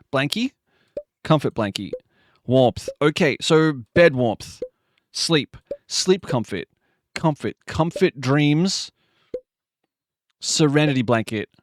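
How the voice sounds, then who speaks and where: A man streaming a word game live, muttering guesses to himself with sudden excited outbursts. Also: medium pitch, no room sound, studio quality.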